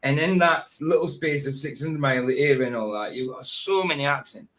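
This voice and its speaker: A man with a northeast Scottish Doric accent hosts a livestream. He talks in a relaxed, chatty way and laughs often. His voice sits at a middle pitch. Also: brisk. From Scotland. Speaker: show host. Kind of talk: casual chat on a livestream.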